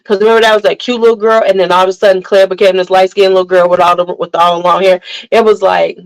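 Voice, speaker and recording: A woman hosting a casual livestream, telling animated family stories, laughing often and greeting viewers by name. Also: mid-range voice, fast talker, rough recording. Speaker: livestream host chatting with viewers. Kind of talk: casual chat.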